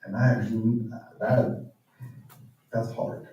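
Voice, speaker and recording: This man speaks extremely slowly in a fairly low, steady, dark voice, giving an earnest, reflective guest talk in a church hall. Emotional points fall to near-whispers, and the muffled recording catches him from afar in a very echoey room.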